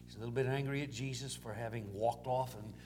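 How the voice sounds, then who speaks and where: A man's voice: mid-range voice, fairly even intonation, fast talker, background noise. A male pastor preaching a sermon in a folksy, repetitive storytelling way, dropping in "amen"s.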